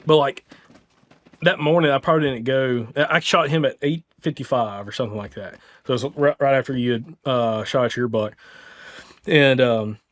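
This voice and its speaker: A man with a Southern US accent, hosting a podcast, tells a hunting story in an excited, casual way, full of "like" and "dude". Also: medium pitch, moderate pace. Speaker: podcast host.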